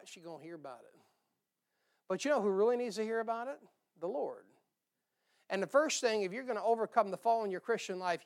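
A man preaching a sermon in a folksy, emphatic way, with joking asides. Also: sits high.

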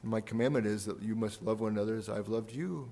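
A man's voice: lowish voice, quick pace, vocal fry, dark tone, slight background noise. Man preaching an earnest sermon. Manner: earnest preaching, repeating key phrases for emphasis, volume rising and falling. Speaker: pastor. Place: church sanctuary.

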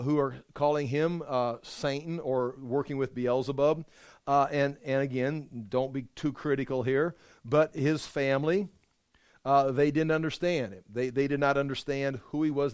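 Guy leading a bible study, smooth clear voice, dry close sound, restarts his words a lot. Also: medium pitch, darkish tone, dry recording. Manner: explanatory, repeats words while thinking aloud. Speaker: bible teacher.

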